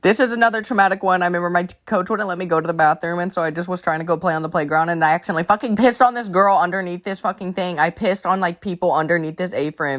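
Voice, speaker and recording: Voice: mid-range voice, quick pace, few pauses, fairly bright tone. A teenager from Alabama doing a draw-my-life storytime, chatty and rambling, swearing often and distracted while drawing. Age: teens. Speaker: creator.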